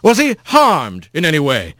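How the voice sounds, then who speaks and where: A man's voice: a little high, wildly swooping pitch, moderate pace, pushed and bright, no room sound, studio quality, pitched above the performer's own voice, exaggerated voice. A man doing a formal, probing prosecutor creature. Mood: leading. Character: male animal prosecutor, smooth and probing.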